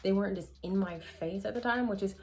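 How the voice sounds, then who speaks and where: A woman's voice: mid-range voice, fast, darkish tone. A woman vlogger answering viewer questions in a casual chat to camera, candid and rambling, with asides and self-corrections.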